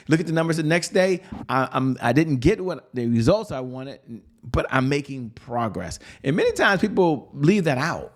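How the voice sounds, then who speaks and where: A man's voice: fairly high pitch, animated, normal speed. A man hosting a business show, giving an upbeat motivational sales talk that repeats slogans and asks rhetorical questions. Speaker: podcast host and sales coach.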